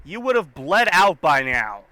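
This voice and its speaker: A man's voice: on the high side, sing-song, takes it slowly, sharp tone. A man co-hosting a casual group riff chat, thinking aloud and hedging with restarts. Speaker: co-host riffing on a show.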